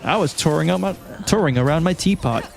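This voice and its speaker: A man's voice: on the high side, a little fast, vocal fry. A man from Malaysia streaming a video game and chatting casually with his viewers. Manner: relaxed, chatty, reads and answers chat. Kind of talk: casual live-stream chat. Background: faint game music.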